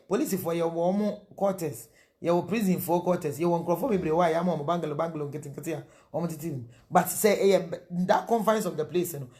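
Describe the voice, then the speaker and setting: A woman's voice: fairly low pitch, warm tone. A middle-aged woman with a Ghanaian accent, preaching marriage counsel in a sermon, mixing Twi and English and asking rhetorical questions.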